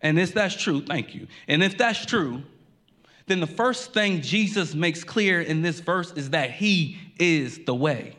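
A man's voice: fairly high pitch, animated, a little slow, sharp tone. A man preaching a sermon as pastor, earnest, repeating key lines for emphasis, with occasional stammered restarts.

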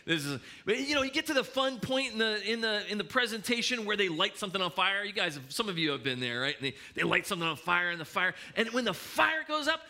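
A middle-aged male pastor preaching in a church, with a very bright, forceful voice. He speaks a little higher than most men and tells his stories in an animated way, often restarting mid-sentence. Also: fast talker, few pauses. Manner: animated storytelling with hesitant restarts. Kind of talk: sermon.

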